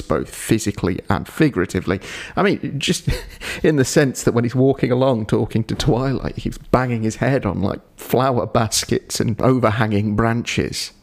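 A man's voice: mid-range voice, gravelly. A man hosting a podcast, giving a digressive episode review with dry, wry asides. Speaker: podcast host.

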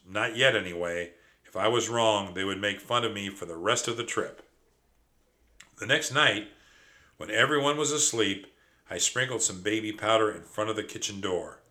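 A man narrating a children's storybook aloud in an expressive, animated way. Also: on the low side.

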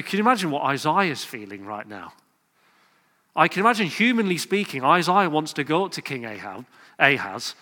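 A man's voice: fairly high pitch, bright, forceful tone. A man preaching a sermon in a church, earnest and often building to emphatic, questioning exhortation. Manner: earnest, rising to emphatic exhortation, acting out quoted voices. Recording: reverberant church hall.

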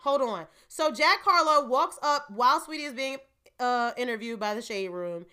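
Chatty bright-voiced woman vlogger. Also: high-pitched, animated, normal speed, clean tone. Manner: chatty, opinionated, laughing asides. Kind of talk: casual entertainment recap.

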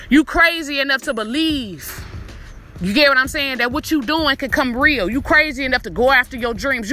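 A woman's voice: high-pitched, sharp tone. A woman in her twenties hosting a podcast, giving a profane, emphatic motivational pep talk straight to her listeners. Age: 20s. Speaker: podcast host.

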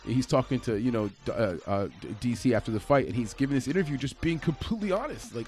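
A man's voice: mid-range voice, lively intonation, fast talker, hardly any pauses, a little mellow, faint music behind. A man giving a casual, conversational breakdown of an upcoming fight, with frequent fillers and restarts. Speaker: MMA fight analyst.

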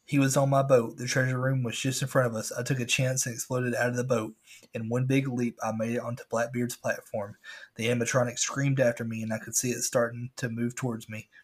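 A man's voice: medium pitch, flat delivery, brisk, breathy edge. A man reading a scary story aloud as a podcast host, with casual asides.

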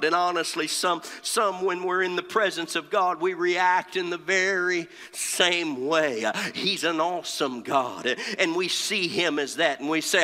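A man delivers a sermon in a slow, deliberate cadence, breaking his phrases with frequent "uh" pauses and repeating lines for emphasis. His voice sits high and bright. The sound carries the long reverb of a church sanctuary. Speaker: pastor.

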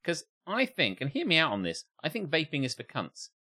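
A man co-hosting a casual podcast who swears and giggles easily. His pitch swings widely as he talks, and his voice has a bright tone. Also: huge pitch swings, brisk. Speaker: podcast co-host. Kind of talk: casual chat.

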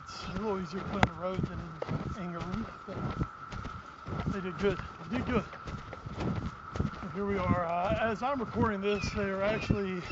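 A man co-hosting a sports podcast, out of breath and puffing as he walks uphill outdoors, recorded on a phone. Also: sits high. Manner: talks while walking uphill, puffing. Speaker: podcast co-host. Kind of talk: casual sports talk. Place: outdoors on rural hills. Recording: muffled phone audio with loud outdoor noise.

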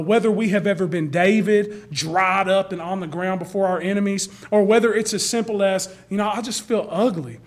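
A male pastor giving a conversational sermon, often repeating words as he starts a sentence. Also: sits high.

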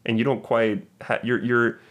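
A man's voice: mid-range voice, flat delivery, normal speed, a bit bright. A man co-hosting a casual movie podcast, playfully teasing and retelling scenes in detail. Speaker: podcast co-host.

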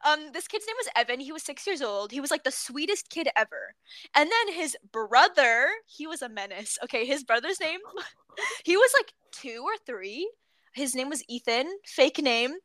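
A young woman with a high, bright voice chats casually as a podcast co-host. She tells her stories in a giggly, animated way. The recording is dry and close. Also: moderate pace, no echo. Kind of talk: casual chat.

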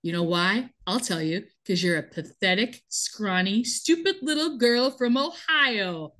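A woman's voice: medium pitch, lively intonation, unhurried, fairly bright tone. A woman voicing a scornful young woman from a soap opera who mocks and taunts cruelly. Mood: taunting. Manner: sneering, taunting.

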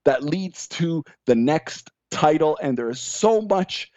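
A man with a notably high voice rants emphatically in casual sports podcast chat, mocking other people's takes. The sound is dry and close, a little dull and lo-fi. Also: animated, slow, darkish tone, no echo. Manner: ranting, emphatic, mocks others in quoted voices. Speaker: podcast guest.

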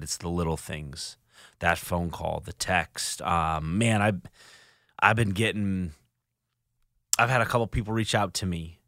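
Earnest deep-voiced man, dry studio sound. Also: creaky, fairly bright tone, no room sound. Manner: earnest, halting with frequent restarts. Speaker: podcast host. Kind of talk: reflective solo podcast monologue. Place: recording studio.

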